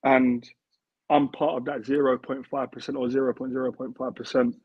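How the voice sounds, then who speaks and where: Husky guy, ex footballer, earnest and repetitive, tinny phone-line sound, dead dry. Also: medium pitch, level tone, moderate pace, dry recording. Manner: earnest, repeats himself while building a point. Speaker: former football player as guest. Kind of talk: casual interview chat.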